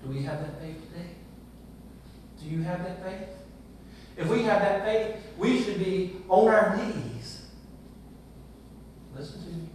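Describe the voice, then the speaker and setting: A man's voice: high voice, unhurried, pauses often, darkish tone, slight background noise. A male pastor preaching a sermon, asking his congregation many rhetorical questions. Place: church sanctuary. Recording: echoey church from far off.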